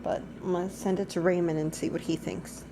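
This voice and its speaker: A woman's voice: lowish voice, little pitch movement, fairly quick, warm tone, slight background noise. Chatty young woman vlogging at home. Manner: chatty and rambling, talks to her dogs. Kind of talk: casual daily vlog. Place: at home, indoors.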